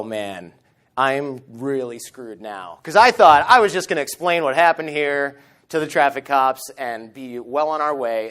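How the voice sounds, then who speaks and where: A man in his thirties giving a storytelling talk at a conference stage microphone, animated and acting out the lines he quotes. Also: mid-range voice, smooth. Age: 30s. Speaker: conference speaker.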